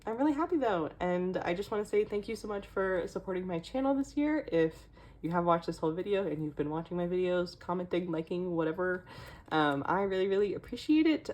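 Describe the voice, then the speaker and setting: A woman's voice: lowish voice, darkish tone. A young woman casually walking through her photocard collection, chatty, with many fillers and small laughs. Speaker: K-pop collecting vlogger.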